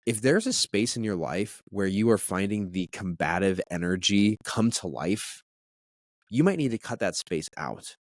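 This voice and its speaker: Low-voiced man telling earnest stories. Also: moderate pace, no room sound, studio quality. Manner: earnest, animated, frequent restarts. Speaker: podcast guest. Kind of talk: conversational storytelling.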